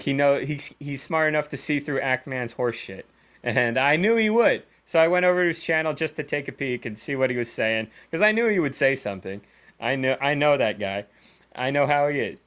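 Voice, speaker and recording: A man's voice: medium pitch, fairly bright tone. A young man giving a casual, profane ranting vlog about gaming drama, sarcastic and full of fillers. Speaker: gaming YouTuber.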